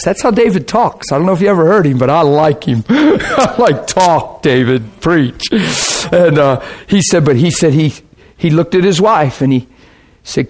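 A man delivers a sermon, telling a story in a folksy, animated style and slipping into the voices of the people he quotes. His pitch is a little high and his pace moderate.

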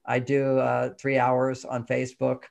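A man from Texas, an author being interviewed, talking in an emphatic, animated way and laughing mid-sentence. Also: medium pitch, unhurried, vocal fry. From Texas, USA. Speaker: author guest. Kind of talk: conversational interview.

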